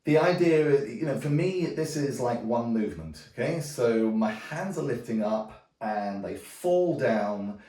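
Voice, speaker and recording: A man teaching djembe, explaining technique in a relaxed way and often checking in with a quick "okay?". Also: medium pitch. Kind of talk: demonstrating drum technique. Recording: roomy sound from a distance. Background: djembe drumming.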